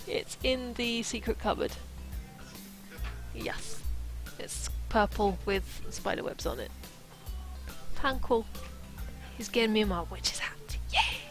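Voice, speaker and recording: A woman's voice: medium pitch, slow pace, pauses often, faint music behind, poor audio. A woman streaming herself reading a novel aloud, stopping for playful, chatty asides.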